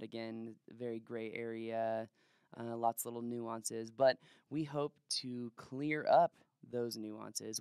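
A man's voice: medium pitch, smooth, no echo, clean studio sound. Male podcast co-host, clean resonant tone, rambling casual delivery. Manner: rambling, trails off with fillers.

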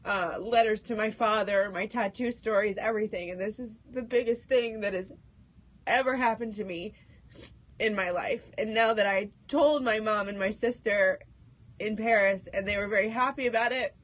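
A woman's voice: medium pitch, moderate pace. A woman radio co-host sharing big personal news on air, nervous and tearful, laughing through her words. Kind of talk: emotional on-air announcement.

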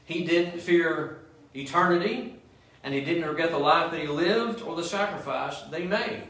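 A man's voice: fairly high pitch, normal speed, fairly bright tone. A male pastor preaching a sermon in a church, often asking the congregation "Amen?" as he goes. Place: church sanctuary. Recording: echoey church room, mic at a distance.

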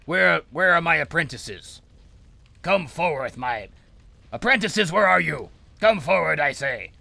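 A man voicing a pompous male dark sorcerer who declaims grandly to his apprentices. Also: fairly high pitch, expressive, measured pace, gravelly, dry recording, voice pushed up, heavily acted. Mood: commanding.

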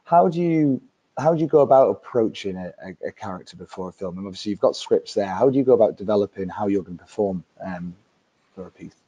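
A man's voice: on the low side, lively intonation, fast, dark tone, slightly rough, muffled recording. A man hosting a webinar interview, encouraging, with short affirmations as he asks questions. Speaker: interview host. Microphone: video call.

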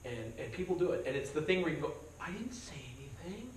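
A man with a fairly high, sing-song voice talks quickly, with a little hiss or hum on the track. He's a pastor running a conversational verse-by-verse Bible study in a church meeting room, cracking jokes and acting out the voices he quotes. The recording sounds roomy and distant, with faint background noise.

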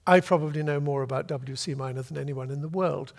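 An older man from Britain, an author telling a long, lively anecdote to a festival audience and acting out the voices he quotes. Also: fairly high pitch, quick pace, vocal fry, long reverb tail. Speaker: author guest. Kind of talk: storytelling at a festival talk. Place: festival venue before an audience.

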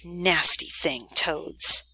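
A woman's voice: sits low, very slow, creaky, sharp tone, slightly rough, no room sound, exaggerated voice. A woman reading as a prim old grandmother. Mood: disapproving. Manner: prim, disapproving. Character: stern, fussy old grandmother.

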